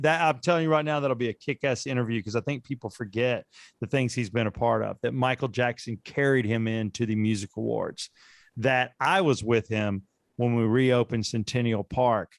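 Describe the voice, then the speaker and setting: Man, podcast co-host, gravelly and dry-miked. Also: mid-range voice, dry recording. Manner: joking, self-deprecating, rambling. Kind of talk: casual chat.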